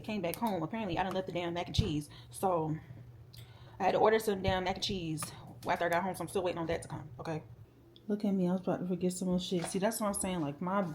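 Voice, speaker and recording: A woman in her twenties chatting casually while she cooks at home, blunt and profane, talking straight to her viewers. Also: fairly low pitch. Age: 20s. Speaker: vlogger. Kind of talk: casual storytime while cooking. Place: home kitchen. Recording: echoey room with loud background noise.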